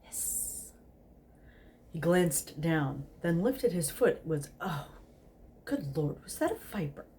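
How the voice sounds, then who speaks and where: Tipsy woman host, low voice, slow casual reading that trips over words. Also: very animated, dark tone, a little hiss or hum. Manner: giggly, stumbling over words.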